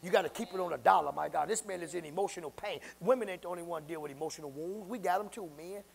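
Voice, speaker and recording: A man preaching a sermon as pastor, calling out to the congregation and often breaking into shouts. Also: high-pitched, fast, creaky, husky, in a large hall. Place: church sanctuary. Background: church congregation.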